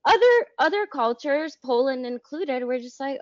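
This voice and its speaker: A woman's voice: high voice, expressive, moderate pace, hardly any pauses, no echo. A woman psychologist speaks on a podcast, reflective and explanatory. She checks in with "right?" as she goes. Her voice is dry and close, with slightly dull, lo-fi audio. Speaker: psychologist guest. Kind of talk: casual podcast conversation.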